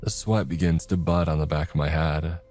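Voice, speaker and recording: A man reading a first-person horror story in a tense, measured way. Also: extremely low pitch, steady tone, a little mellow, soft background music. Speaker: narrator.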